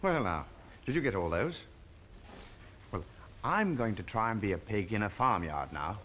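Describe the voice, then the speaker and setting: Lively low-voiced man presenting to children. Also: slight background noise. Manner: slow, coaxing, sing-song, invites the viewer to join in. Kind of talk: gentle presenting to young children. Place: television studio.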